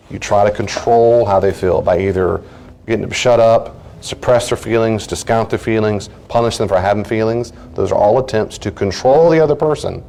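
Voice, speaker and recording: A man's voice: fairly low pitch, creaky, mellow. A middle-aged man, a counselor teaching a study group, talking earnestly and acting out everyday conversations.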